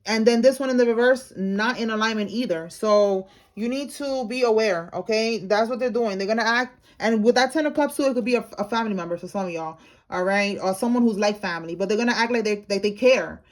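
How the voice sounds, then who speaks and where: A woman's voice: a little high, a little fast. A woman giving a casual tarot reading to her viewers, talking in a slangy, blunt way and calling them y'all. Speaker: tarot reader.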